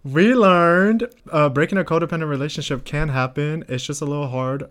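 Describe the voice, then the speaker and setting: A man's voice: a little high, fairly quick, a bit bright. A man co-hosting a podcast in casual chat, anxious and self-deprecating, often laughing. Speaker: podcast co-host.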